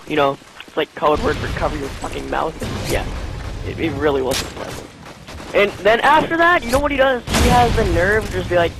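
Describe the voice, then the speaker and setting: A man's voice: sits high, expressive, fast, vocal fry, noisy background. A man hosting a gaming channel who answers questions in a rambling, crude, joking way, packing his talk with "like" and "you know". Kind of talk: joking Q&A over gameplay.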